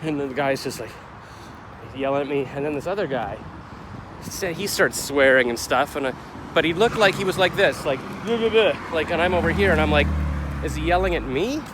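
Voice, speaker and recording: His voice is fairly high and fairly quick as this middle-aged man rambles through a casual confessional vlog. He questions himself and becomes heated retelling a clash, with street noise behind.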